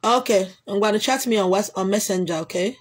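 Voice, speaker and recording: A woman with a Nigerian accent hosting a casual livestream, answering viewer comments in an emphatic, repetitive way with loud exclamations. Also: medium pitch, fairly quick, husky. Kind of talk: casual chat.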